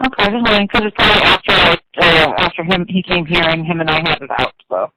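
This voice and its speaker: A man's voice: high voice, no room sound, low-quality recording. A man heatedly recounting an argument in casual, profane talk, recorded in an office at a business. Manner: profane, animated, quick to mimic others. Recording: loud background noise.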